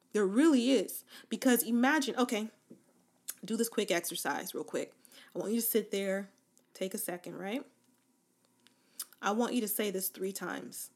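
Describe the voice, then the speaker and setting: A woman's voice: medium pitch, a little mellow. Casual encouraging woman giving affirmations. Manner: casual, encouraging, guides listener through affirmations; informal slang, fillers like "like" and "right?". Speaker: self-help speaker. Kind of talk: motivational talk to camera.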